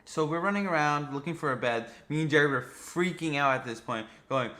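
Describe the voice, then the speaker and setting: Bright-voiced young man narrating gameplay. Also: fairly high pitch, a little fast, few pauses. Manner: rambling, excitable, swears casually. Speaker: gaming vlogger. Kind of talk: casual narration over gameplay footage.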